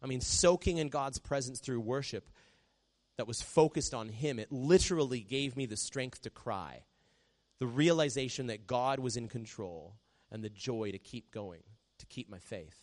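A man preaching a sermon in a conversational way, often dropping to a soft hush when he quotes a prayer. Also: mid-range voice, moderate pace. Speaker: pastor.

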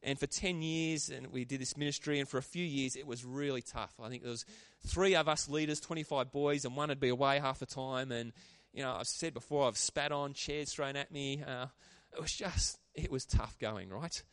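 A man preaching a sermon, animated and calling out to the congregation for responses. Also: medium pitch, moderate pace, few pauses, clear, resonant tone, no room sound, clean studio sound. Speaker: pastor.

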